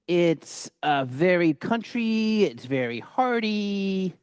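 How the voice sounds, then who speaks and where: A man's voice: high voice, sing-song, slow, hardly any pauses, smooth, no room sound, studio quality. A middle-aged man giving a casual, rambling cooking demonstration, with many fillers and restarts. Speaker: cooking instructor.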